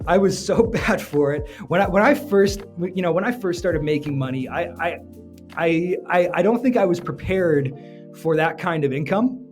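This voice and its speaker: A man, an entrepreneur giving energetic, joking business advice straight to camera. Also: a little high, moderate pace, faint music behind. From Canada. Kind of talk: motivational business talk to camera.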